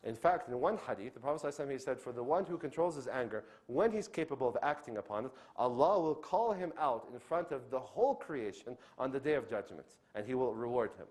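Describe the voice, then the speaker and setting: Guy lecturing quick, keeps asking okay?, average pitch, acts out little bits of dialogue. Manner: checks in with the audience with frequent "okay?"; animated, acts out quoted speech. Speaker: Islamic lecturer. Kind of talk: lecture on inviting others to Islam.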